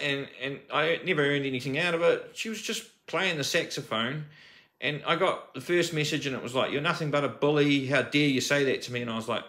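A man's voice: medium pitch, pushed and bright, reverberant. A man telling a personal story to camera, agitated and rambling, restarting sentences and swearing. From New Zealand.

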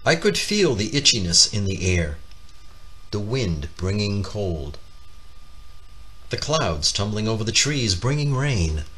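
A man reading a children's picture book aloud, expressive and lifting his voice for the characters' lines. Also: slow pace, long pauses. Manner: expressive, voicing characters with raised pitch. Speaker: storybook reader.

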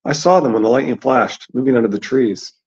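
A man voicing a grave, solemn boy seer in a grim, level, measured voice. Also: mid-range voice, darkish tone, husky. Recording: dull lo-fi recording.

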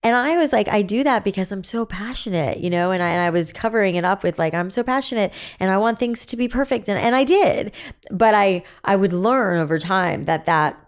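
A woman's voice: medium pitch, animated, a little fast. A woman in her forties speaking candidly as a podcast guest, telling stories animatedly and acting out quoted dialogue. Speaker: guest, business founder.

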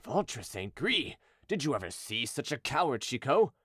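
A man's voice: mid-range voice, very animated, moderate pace, fairly bright tone, husky, no echo, clean studio sound. A man voicing a brave king who trembles yet charges into battle, crying out commands and oaths. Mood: commanding. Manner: cries out commands, swears oaths. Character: king Henry of Navarre, brave but trembling.

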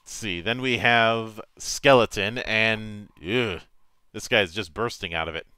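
A man reads tabletop game rules aloud as game master, steady and matter-of-fact, tripping over the odd word. His voice is bright and forceful. The sound is dry and close. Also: fairly low pitch, smooth, dry recording. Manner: measured, matter-of-fact reading with small stumbles.

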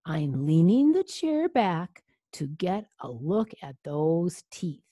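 Gentle storybook dentist, read by a woman, calm and soothing, warm low tone. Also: takes it slowly, breathy edge, no echo, studio quality, exaggerated voice. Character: calm kind female dentist.

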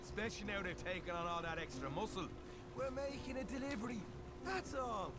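An actor playing a coarse, grumbling outlaw who scorns rich folks, in a rough and sarcastic manner. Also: male voice, sits high, brisk, natural voice.

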